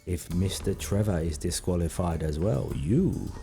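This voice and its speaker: A man's voice: sits low, unhurried, gravelly, mellow, faint music behind. Man reading a blunt police inspector. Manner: blunt, probing questions. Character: stern male police inspector questioning a suspect.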